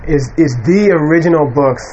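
A man's voice: a little high, moderate pace, a little mellow. Man teaching a class, muffled recording. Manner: conversational, many fillers and asides. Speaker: Buddhist teacher. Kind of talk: informal dharma lecture to students. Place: lecture room with an audience. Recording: muffled lo-fi room recording with faint hiss.

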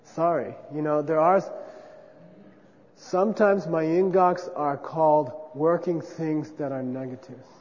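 Male teacher, fairly high voice, casual lecture, echoey hall with faint noise. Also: steady tone, a little slow, a little mellow. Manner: conversational, checks in with frequent 'okay?'. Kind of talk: classroom lecture on Buddhist philosophy. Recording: dull lo-fi sound with long reverb.

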